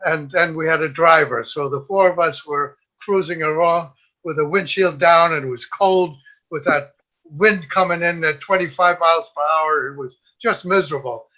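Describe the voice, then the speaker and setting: Bright-voiced old veteran spinning a yarn. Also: male voice, on the high side, normal speed. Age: older. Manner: lively storyteller, quotes others in raised voice, laughs at own tale. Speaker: WWII veteran guest. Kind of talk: telling a war story. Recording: dull lo-fi audio.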